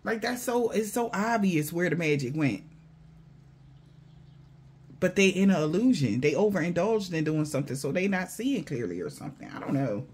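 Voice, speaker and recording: Brief: man, somewhat higher voice, blunt and profane spiritual reader, mocks the people he talks about. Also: sing-song, moderate pace, a little mellow, a little hiss or hum. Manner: blunt, profane, mocking, slangy. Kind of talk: casual intuitive reading to viewers.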